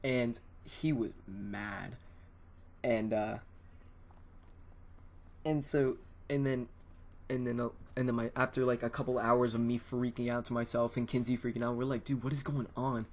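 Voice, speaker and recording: A teenage man hosting a gaming channel, telling a casual storytime in a rambling, excitable way with many restarts, on a USB desktop microphone. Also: medium pitch, measured pace, pauses often.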